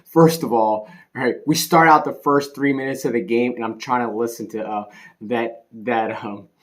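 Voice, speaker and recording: A man in a casual, rambling rant about a bad game, sarcastic and laughing, swinging between loud outbursts and muttering. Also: medium pitch, fairly even intonation, normal speed. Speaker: sports commentary vlogger.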